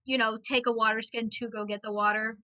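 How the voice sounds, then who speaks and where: A woman at a tabletop game, calmly saying what her character does. Her voice sits a little high and sounds bright and clear. The sound is dry and close. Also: fairly quick, no room sound, rough recording. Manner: plain matter-of-fact descriptions of actions. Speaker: player. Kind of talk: casual tabletop game chat.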